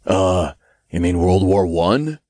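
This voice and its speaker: A man's voice: low voice, expressive, takes it slowly, mellow, no room sound, full character voice. A man voicing a crude, swearing male imp with a sarcastic manner. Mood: snarky.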